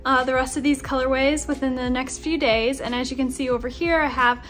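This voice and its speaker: A woman's voice: sits high, fairly even intonation, a little fast, a bit bright. A woman giving a chatty vlog walkthrough of her craft studio, with lots of "um" and "like". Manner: chatty, with fillers like "um" and "like". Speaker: small business yarn dyer.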